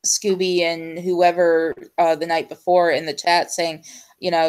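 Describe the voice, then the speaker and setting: A woman's voice: on the low side, level tone, clear, resonant tone. Chatty woman host, lots of ums. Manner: chatty, full of ums and trailing pauses. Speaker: show host. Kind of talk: casual chat.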